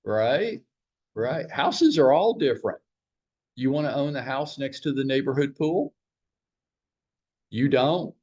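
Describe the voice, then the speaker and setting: A man's voice: mid-range voice, animated, slow pace, long pauses, a little mellow, slightly rough, highs cut off. A man who runs a real estate office, leading a training huddle for his agents. He tells stories bluntly, swears a little, and fires rhetorical questions at the room. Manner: storytelling, blunt, mild swearing.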